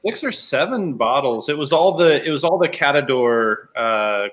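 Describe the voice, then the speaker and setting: A man's voice: a little high, animated, moderate pace, a bit bright. Jokey, rambling male co-host. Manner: jokey, long rambling explanations. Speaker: regular co-host. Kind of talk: casual chat over drinks.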